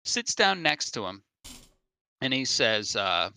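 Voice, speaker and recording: Bright-voiced man rambling through a joke. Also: medium pitch, big pitch swings, slow pace, long pauses, clear, resonant tone, no room sound. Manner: rambling storyteller with many fillers. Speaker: streamer. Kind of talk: telling a joke on a game stream.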